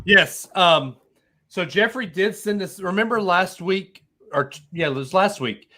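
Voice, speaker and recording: Man, podcast co-host, casual chat, bright voice, stammering restarts. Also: high-pitched, expressive, measured pace. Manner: jokey, stammering restarts, sings silly bits.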